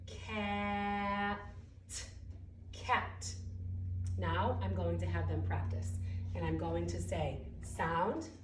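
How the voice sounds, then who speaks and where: A woman's voice: on the low side, slow. A woman instructor walks teachers through an early-reading lesson step by step, over-enunciating each sound when she models the drills. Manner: clear step-by-step explanations. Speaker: literacy instructor. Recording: roomy distant audio with ambient noise.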